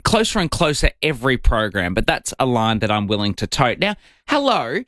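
A man's voice: normal speed, no room sound. A man co-hosting morning radio, his voice leaping up and down as he spins a yarn. The sound is dry and close, with no room around it. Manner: animated storyteller with big pitch swings. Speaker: radio co-host. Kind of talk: breakfast radio banter.

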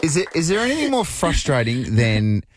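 An Australian man co-hosting a radio show, teasing his co-host with quick reactions. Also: fairly high pitch, wildly swooping pitch, noisy background. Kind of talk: casual banter.

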